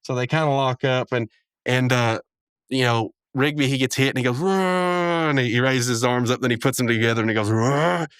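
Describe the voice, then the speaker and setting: A man's voice: medium pitch, flat delivery, quick pace, a bit bright, clean tone, dry recording, studio quality. A man hosting a podcast, recapping an episode in a rambling, chuckling way with many asides. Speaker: podcast host.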